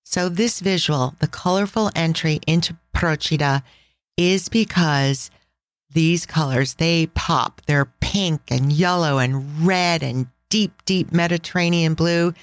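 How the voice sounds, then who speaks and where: A woman's voice: deep voice, slow, no echo. A woman hosting a casual travel podcast, talking with enthusiastic, chatty storytelling. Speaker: podcast host.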